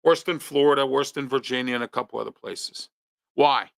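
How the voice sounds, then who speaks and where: A man's voice: mid-range voice, fairly quick, vocal fry, a bit bright, no echo. A man from hosting a local talk show, ranting his opinions with pointed rhetorical questions. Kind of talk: opinionated monologue.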